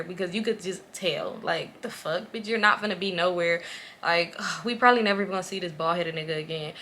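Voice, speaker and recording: A young woman in her twenties telling a casual storytime in an animated, profane way, getting loud when exasperated. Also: fairly low pitch, a little fast, slight background noise. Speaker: vlogger.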